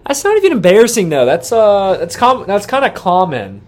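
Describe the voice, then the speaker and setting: Boastful young man, swinging loud and high. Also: big pitch swings, brisk. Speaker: podcast co-host. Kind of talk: casual podcast chat.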